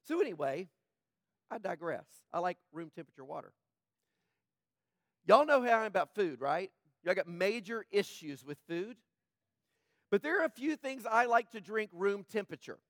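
A man preaching a sermon as pastor, his voice slightly rough, talking conversationally and joking with the congregation. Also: high voice, big pitch swings, normal speed, long pauses, dry recording, studio quality.

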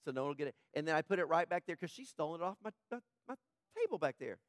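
A man preaching a sermon as pastor, his voice slightly rough, talking conversationally and joking with the congregation. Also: a little high, sing-song, rapid-fire, no echo, clean studio sound.

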